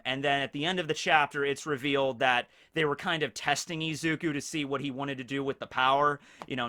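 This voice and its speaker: A man's voice: a little high, sharp tone. A man hosting a casual anime review, talking energetically and chuckling between his points.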